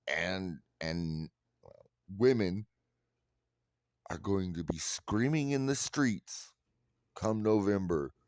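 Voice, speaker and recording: Man, angry commentator, low voice, drawn-out delivery, dry close sound; blunt and profane. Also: a little mellow, no room sound. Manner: repeats and restarts words when worked up. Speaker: online commentator.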